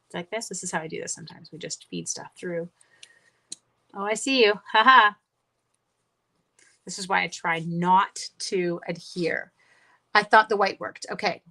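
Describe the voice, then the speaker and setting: A woman's voice: on the low side, moderate pace, gravelly, long pauses, pushed and bright. A middle-aged woman hosting a card-making livestream, chatting casually to viewers and talking herself through each step. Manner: chatty, self-talking while crafting, talks to viewers. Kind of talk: casual livestream crafting chat.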